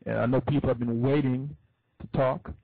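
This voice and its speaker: A man hosting a call-in show, chatting casually with callers in an excitable, joking way. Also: medium pitch, a little fast, creaky, husky, no room sound, phone-quality sound.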